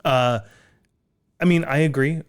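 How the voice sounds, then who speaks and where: A man's voice: on the high side, fairly even intonation, unhurried, clear, resonant tone. An American man co-hosting a metal music podcast, chatting casually and rambling with self-deprecating jokes. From United States. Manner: rambling, self-deprecating, laughs at own slips. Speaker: podcast co-host. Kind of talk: casual chat.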